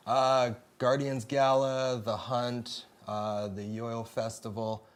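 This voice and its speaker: A man's voice: medium pitch, flat delivery, slow pace, smooth. Easygoing man explaining live events. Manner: easygoing, filler-heavy explaining. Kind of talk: casual desk interview.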